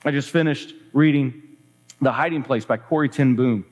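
A man's voice: medium pitch, moderate pace, darkish tone. A man preaching in an earnest, personal way, then reading a book passage aloud during the sermon.

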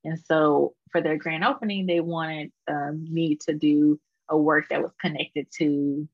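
A woman's voice: low voice, fairly even intonation, unhurried, dry recording, highs cut off. A woman with a Houston Texas accent, a guest artist chatting casually in an interview, full of fillers and laughter.

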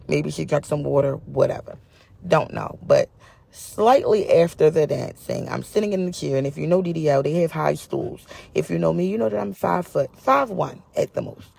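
A woman's voice: low-pitched, gravelly, a little mellow, slight background noise. A woman vlogger telling a story in a chatty, casual way, repeating phrases for emphasis.

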